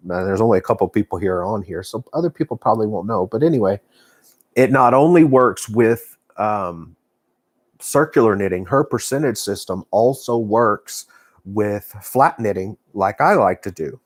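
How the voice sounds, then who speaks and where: Rambling Texan man, low dry voice. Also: expressive, normal speed, no echo. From Texas. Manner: rambling, folksy, many fillers and restarts. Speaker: knitting vlogger. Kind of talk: casual live-stream chat. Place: home living room.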